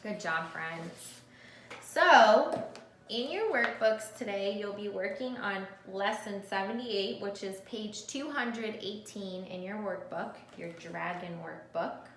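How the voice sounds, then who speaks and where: A woman teacher leads a phonics lesson for young children, talking slowly and sounding out each letter with patience. Her voice is bright and clear. The recording carries the echo of the room she teaches in, with a faint hum of ambience behind her. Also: medium pitch. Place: classroom or room with a board.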